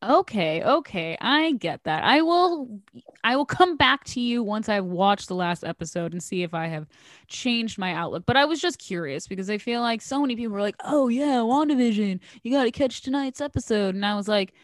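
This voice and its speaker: A woman chatting casually, jumping up in pitch for quoted voices and trailing off softly. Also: lively intonation, normal speed, no echo, studio quality. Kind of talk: casual chat about TV shows.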